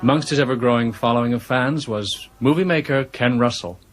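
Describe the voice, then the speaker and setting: A man narrates a spoof documentary in a mock-serious tone. He reads at a brisk pace, with his pitch in a middle range.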